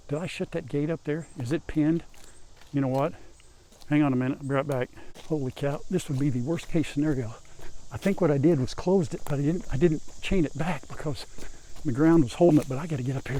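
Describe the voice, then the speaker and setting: A man's voice: mellow, a little hiss or hum. An older man vlogging outdoors on his farm, chatting casually to viewers while he works around an animal pen. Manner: folksy, chatty, calls out to animals in a high coaxing voice. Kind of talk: casual farm vlog, talking to camera while working.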